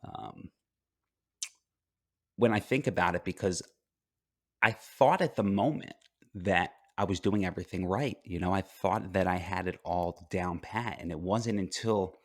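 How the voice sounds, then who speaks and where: Low-voiced man, dry sound. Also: unhurried, dry recording. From United States. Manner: calm, reflective, with frequent fillers and restarts. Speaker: life coach, guest. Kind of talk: conversational podcast interview.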